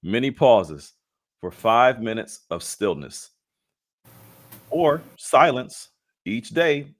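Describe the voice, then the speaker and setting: A man's voice: medium pitch, big pitch swings, slow pace. A man co-hosting a casual leadership webinar, playful and jokey, mixing slang asides with talk of faith. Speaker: co-host and leadership coach.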